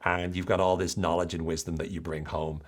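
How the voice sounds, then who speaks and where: Low-voiced man explaining ideas casually. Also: a little fast. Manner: animated, self-deprecating asides. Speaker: podcast host.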